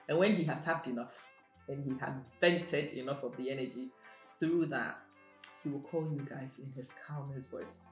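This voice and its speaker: A woman speaks in a motivational monologue, measured and emphatic, driving her points home by repeating them. Her voice sits in a roomy, echoing space. Soft music plays faintly beneath her. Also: a bass voice.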